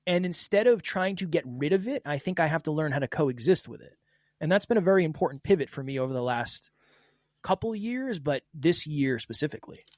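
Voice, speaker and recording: A man's voice: fairly high pitch, lively intonation, fairly quick, darkish tone, dry recording, clean studio sound. A man speaking as a podcast guest, earnest and emotional, talking openly and with emphasis. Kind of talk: candid interview talk.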